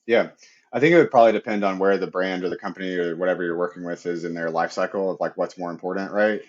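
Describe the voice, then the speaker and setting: A man's voice: low-pitched, steady tone, quick pace, muffled recording. A man speaking as a podcast guest in a loose, chatty way, leaning on "like" and tagging "right?" onto his points. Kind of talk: casual interview talk.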